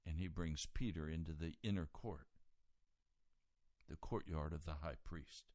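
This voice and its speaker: A man preaching a sermon, retelling a scripture story and moving from quiet reading to loud, raised emphasis. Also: extremely low pitch, steady tone, measured pace, dry recording, clean studio sound.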